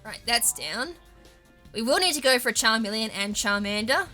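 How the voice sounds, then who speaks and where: Casual Australian woman gamer, tangent-prone commentary, bright tone, light music bed. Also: a little high, animated, fairly quick. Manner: chatty, rambling, goes off on tangents. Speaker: gaming YouTuber. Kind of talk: casual let's-play commentary.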